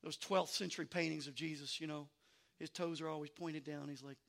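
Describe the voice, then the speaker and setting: A male pastor preaching a sermon, swinging from hushed, chatty asides to shouted passages and repeating "I'm telling you.". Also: on the high side, fairly even intonation, brisk, gravelly.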